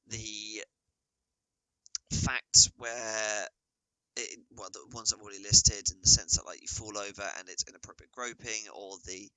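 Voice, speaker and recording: A young man co-hosting a podcast in casual chat, animated and halting, with frequent swearing and restarts. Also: fairly low pitch, clear, resonant tone, dry recording, low-quality recording. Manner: animated, ranting, swears freely. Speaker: podcast co-host.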